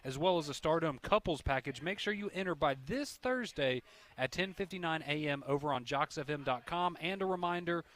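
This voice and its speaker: A man hosting a radio talk show, relaxed and agreeable. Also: a little high, brisk. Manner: relaxed, agreeable, reads promos. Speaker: radio host. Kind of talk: casual sports radio chat.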